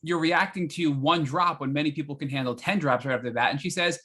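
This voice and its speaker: Bright, fast-talking male podcast host. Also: a little high. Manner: animated, apologetic interrupter, recaps guest's story. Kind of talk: interview questions and recaps.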